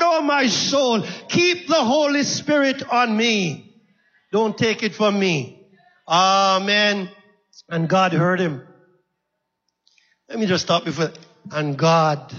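A man's voice: very high-pitched, sharp tone, in a large hall, muffled recording. A man preaching a sermon in a church, impassioned, repeating phrases and calling out to the congregation.

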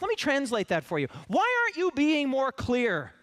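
A man preaching a sermon, animated and full of rhetorical questions, acting out the voices of the people he talks about. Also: very high-pitched, normal speed. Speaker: pastor.

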